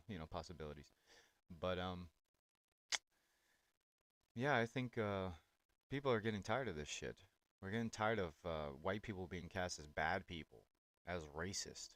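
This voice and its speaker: A man hosting political reaction commentary on clips, talking in a blunt, sarcastic and profane way. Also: deep voice.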